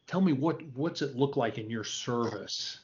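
A soft-spoken man interviewing a guest, affirming and asking gentle questions. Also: mid-range voice, expressive, unhurried, highs cut off. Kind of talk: interview conversation.

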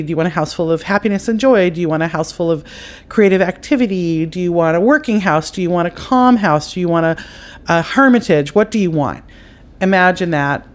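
A psychic advice podcast host with a low-sitting voice gives spiritual guidance, speaking directly to the listener in an intuitive, meandering way. She's unhurried, with frequent fillers and self-corrections.

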